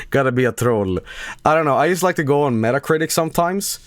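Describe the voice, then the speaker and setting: Male streamer, rambling and profane, very lively pitch, dry close mic. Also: normal speed, dry recording. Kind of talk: casual stream chat.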